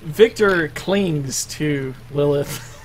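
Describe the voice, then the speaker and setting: A man's voice: fairly high pitch, a little hiss or hum, poor audio. A man running a tabletop game, narrating in a laughing, easygoing manner. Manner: slow, laughing.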